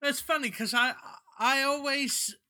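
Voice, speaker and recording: A man's voice: extremely high pitch, measured pace, pushed and bright. A man hosting a podcast in casual chat, blunt, sweary and enthusiastic. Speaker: podcast host.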